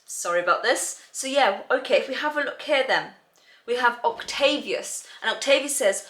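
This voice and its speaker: A woman's voice: fairly high pitch, animated, moderate pace, fairly bright tone. A woman tutor explaining to parents how to prepare children for reading exams, talking in a chatty way full of "um" and "you know". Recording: roomy echo.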